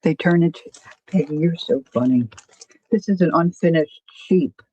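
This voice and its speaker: A woman's voice: deep voice, normal speed, mellow, breathy edge, no room sound, lo-fi sound. A woman hosting a casual crafting livestream, rambling and self-deprecating, often stopping to restart her sentences. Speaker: crafting channel host.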